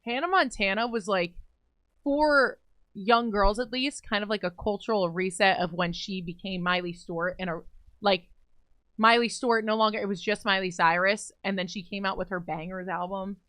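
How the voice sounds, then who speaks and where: A woman's voice: medium pitch, normal speed, sharp tone, no room sound. A young woman chats casually, opinionated and talkative, with a mid-range voice. The sound is dry and close. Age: young adult. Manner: opinionated, chatty. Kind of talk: casual chat.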